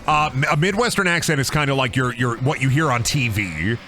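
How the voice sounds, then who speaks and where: A man's voice: medium pitch, animated, a little fast, bright, forceful tone, soft background music. A young man from Iowa with an Iowan accent, streaming a game with rambling, joking, profane commentary. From Iowa, USA. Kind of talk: casual gaming commentary.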